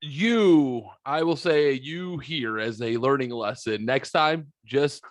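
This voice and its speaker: A man's voice: medium pitch, takes it slowly, no echo. A man co-hosting a podcast, cutting in with blunt questions and crude wisecracks. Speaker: podcast co-host. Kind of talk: casual chat.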